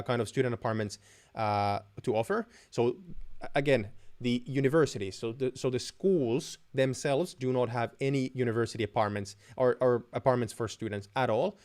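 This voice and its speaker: A man's voice: mid-range voice, brisk, a little mellow. Chatty young man hosting a live Q&A. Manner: chatty, many restarts and fillers. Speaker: host answering viewer questions. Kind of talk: live stream Q&A.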